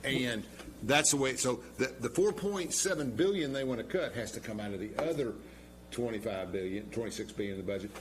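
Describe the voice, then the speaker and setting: A middle-aged man hosting a local TV interview show, talking in a conversational, halting way. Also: mid-range voice, slight background noise. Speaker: TV show host. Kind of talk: interview talk.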